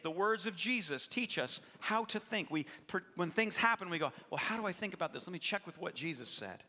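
Male pastor, bright tone, lively sermon delivery with asides to the congregation, reverberant church hall. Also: sits high, brisk, few pauses. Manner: animated, jokes with the congregation.

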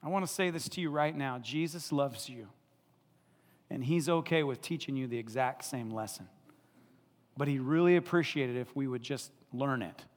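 A male pastor preaching an animated sermon, laughing often and acting out the people in the story. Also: mid-range voice, normal speed, long reverb tail.

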